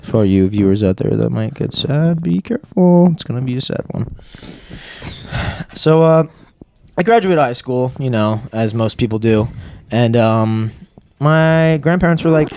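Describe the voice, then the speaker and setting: A man's voice: medium pitch, moderate pace, clear, resonant tone. A young man, a podcast guest, telling a long story in a casual, self-mocking way and acting out the lines of the people in it. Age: young adult. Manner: animated, self-mocking, acts out quotes.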